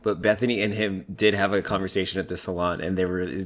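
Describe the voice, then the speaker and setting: A man's voice: deep voice, flat delivery, fast, hardly any pauses. A man giving casual, opinionated commentary while recapping a reality TV episode. He thinks aloud, fills his talk with "like" and laughs easily between remarks.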